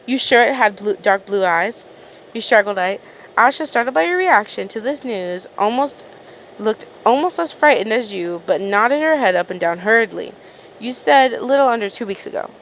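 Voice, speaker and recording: A woman's voice: mid-range voice, slight background noise, poor audio. A woman reading a second-person fan story aloud in a casual way, often stumbling over words and restarting. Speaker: fan fiction reader.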